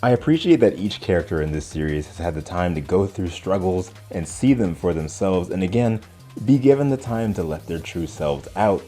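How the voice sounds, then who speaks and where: A man's voice: low-pitched, lively intonation, moderate pace, dark tone, faint music behind. A young man hosting a show, giving casual, enthusiastic reaction commentary, chatty and full of "like". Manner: enthusiastic, chatty, says "like" often. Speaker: show host.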